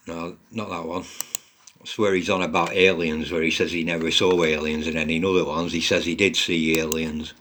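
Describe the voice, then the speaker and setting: A man's voice: low-pitched, fairly bright tone, slight background noise. A man giving blunt, mocking commentary on online posts, swearing a lot as he goes.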